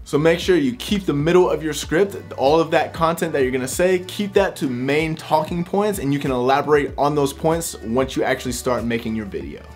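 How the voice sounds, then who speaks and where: A man's voice: a little high, a little fast, few pauses, soft background music. A man explaining how to script videos in a direct, conversational tutorial, talking freely from bullet points rather than reading. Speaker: YouTube creator giving tips. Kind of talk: casual talking-head tutorial.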